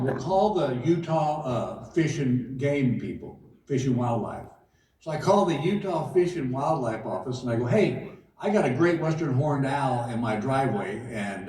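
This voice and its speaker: A man's voice: mid-range voice, a little mellow. A middle-aged man telling folksy stand-up stories on a casino stage, acting out both sides of each conversation. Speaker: stand-up comedian. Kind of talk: stand-up storytelling. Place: large casino theater stage. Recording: roomy live hall from far off. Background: audience laughter.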